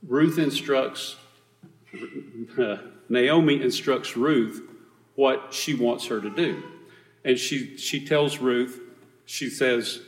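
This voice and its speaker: A man teaching a Bible study, reading scripture aloud and explaining it in a relaxed, conversational way, correcting himself as he goes. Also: medium pitch, long reverb tail.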